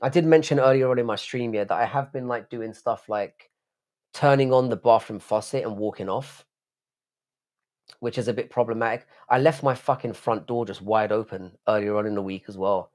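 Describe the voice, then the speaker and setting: A man's voice: lowish voice, normal speed, a little mellow. A man from the United Kingdom hosting a late-night live stream, rambling casually, swearing often and answering chat messages aloud.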